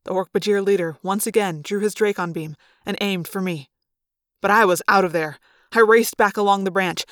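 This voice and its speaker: A woman narrating a story aloud in an expressive, measured way. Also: mid-range voice, no echo, studio quality. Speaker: reader.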